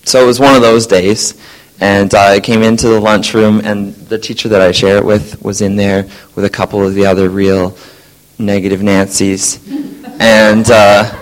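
Man, teacher, casual storytelling, animated, voices the people he quotes. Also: fairly low pitch, normal speed, low-quality recording. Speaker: science teacher sharing a testimony.

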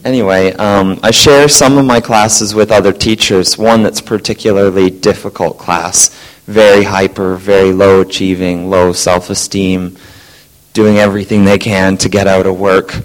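A science teacher telling a group a lively story about his day, acting out the voices of colleagues. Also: deep voice, normal speed, poor audio. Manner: animated, acts out quoted voices. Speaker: science teacher sharing a testimony.

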